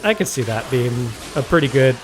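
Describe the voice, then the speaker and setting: A man's voice: medium pitch, lively intonation, brisk, noisy background. A man giving casual walkthrough commentary on a video game, rambling and correcting himself with wry asides, recorded at home on a desk microphone.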